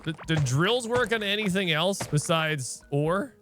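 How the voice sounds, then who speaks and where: A man's voice: high-pitched, animated, unhurried, fairly bright tone, faint music behind. A man streaming a video game, chatting casually and thinking aloud while he plays, often firing off questions. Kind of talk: casual let's-play commentary.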